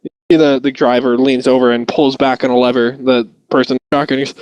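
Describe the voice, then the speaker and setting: A man's voice: medium pitch, level tone, fast, background noise. A man acting as game master, describing scenes cinematically in a loose, hesitant way with frequent restarts. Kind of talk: narrating a tabletop game.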